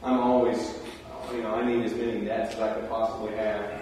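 A man's voice: lowish voice, brisk, slight background noise. Man preaching in a roomy hall. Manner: conversational storytelling, animated asides. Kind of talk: sermon. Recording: roomy hall, distant mic.

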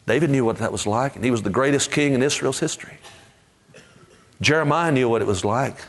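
A man preaching a sermon with passion, rising to fervent peaks and dropping to quiet asides. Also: medium pitch, fairly quick. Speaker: pastor.

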